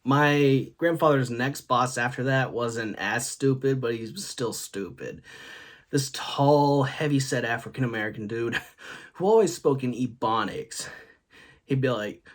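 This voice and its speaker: A man's voice: medium pitch, unhurried, fairly bright tone, slight background noise. A man hosting a comedy show, telling stories about his grandfather and laughing at his own jokes. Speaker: host. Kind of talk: comedic storytelling monologue.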